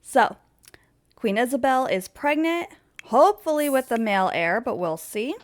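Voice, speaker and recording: A woman's voice: fairly high pitch, very animated, normal speed. A young woman telling a life-sim game story in a chatty way, giggling and cutting herself off. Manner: chatty, giggly, self-interrupting. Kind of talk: casual narrated gameplay storytelling.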